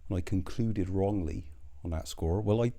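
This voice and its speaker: A man's voice: deep voice, moderate pace, creaky, warm tone. A man hosting his own channel, rambling in a sardonic, sweary commentary that keeps interrupting itself.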